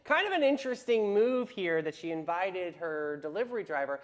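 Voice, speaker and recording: A woman's voice: on the low side, expressive, normal speed. A woman with a Southern US accent hosting a casual talk show, leading segments and reading stories aloud with emphasis. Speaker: show host.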